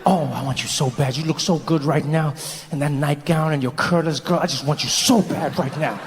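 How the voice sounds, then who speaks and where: A man voicing a horny husband in bed, crooning low and wheedling, in a reverberant hall. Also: fairly even intonation, normal speed, close to an everyday voice. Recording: hall reverb, faint noise.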